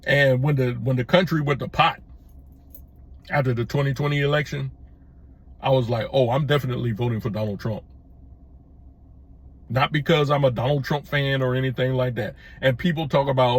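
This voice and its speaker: A middle-aged man with a husky, slightly rough voice delivers a talk-to-camera opinion piece as host of his own channel. He speaks emphatically, doubling back on his words and restarting sentences as he presses his point. His pitch sits in an ordinary male middle range. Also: steady tone, moderate pace, pauses often. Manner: emphatic, repetitive, restarts with stammered false starts.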